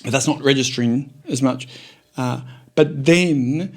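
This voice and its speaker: A man's voice: medium pitch, measured pace. A man hosting a podcast, chatting casually, joking and asking probing questions. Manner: jokey, probing questions, interjecting. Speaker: podcast host. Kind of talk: casual interview chat.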